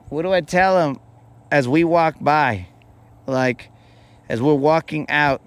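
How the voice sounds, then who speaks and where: A man's voice: a little high, smooth. A man hosting a fishing show who tells a rambling, playful story in casual slang. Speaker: fishing podcast host.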